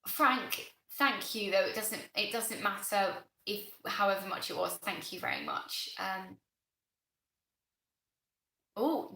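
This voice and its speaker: A woman's voice: medium pitch, sharp tone, echoey room, rough recording. A woman with a Bristolian accent, hosting a casual gardening live stream, chatting on and thanking viewers by name. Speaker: gardening channel host.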